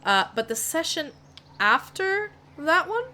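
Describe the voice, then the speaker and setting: A woman's voice: very high voice, big pitch swings, takes it slowly, sharp tone. A woman narrating a tabletop game as game master, casual and rambling with many fillers.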